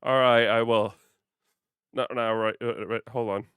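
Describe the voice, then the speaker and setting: A man chatting through a casual gaming livestream, playful and quick to laugh as he talks to his viewers. His voice is smooth and clear, recorded close on the mic in a dry space with no room echo. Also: medium pitch, fairly even intonation, a bit bright.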